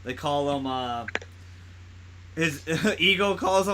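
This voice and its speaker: A man's voice: fairly high pitch, lively intonation, slow, long pauses, bright, forceful tone. A man co-hosting a podcast, rambling through a casual movie chat with lots of laughing and swearing. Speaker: podcast co-host.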